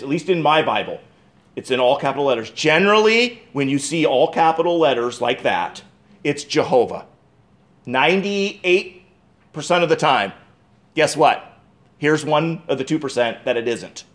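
A male pastor preaching a sermon, calling his listeners friends, moving from loud pleading to hushed, slowed emphasis. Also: on the high side. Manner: addresses the congregation as friends, asks rhetorical questions.

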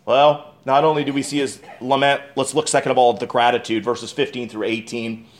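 A male pastor preaching a sermon, calling his listeners friends, moving from loud pleading to hushed, slowed emphasis. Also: mid-range voice, flat delivery. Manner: addresses the congregation as friends, asks rhetorical questions.

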